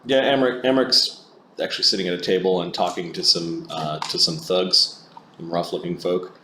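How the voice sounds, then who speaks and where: A man's voice: low voice, steady tone, normal speed, slight background noise. A man running a tabletop game as game master, describing scenes in a loose, filler-heavy way. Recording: echoey room recording.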